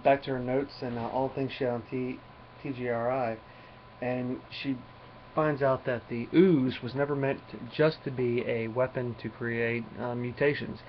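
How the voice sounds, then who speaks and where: A man's voice: mid-range voice, fairly even intonation, moderate pace. A man casual comic reviewer, rambling recap with lots of uhs, dull lo-fi sound with faint hiss. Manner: rambling plot retelling with many fillers.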